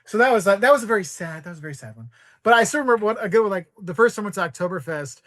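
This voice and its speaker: A man's voice: high voice, animated, very fast, fairly bright tone, no room sound, clean studio sound. A man in his forties, a guest on a podcast, rambling through travel stories and acting out voices in quotes. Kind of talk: casual storytelling.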